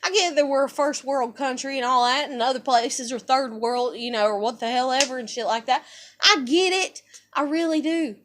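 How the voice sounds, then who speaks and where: A woman's voice: high-pitched, normal speed, fairly bright tone, a little hiss or hum. A young woman from the United States ranting to camera in a profane, exasperated, emphatic way. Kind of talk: angry personal rant to camera.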